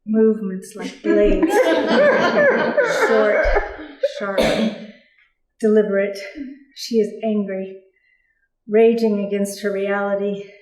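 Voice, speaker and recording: A woman voicing a calm female meditation guide in slow, deliberate, hushed narration, recorded with roomy stage sound from far off. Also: medium pitch, a loud crowd, close to an everyday voice. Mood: solemn.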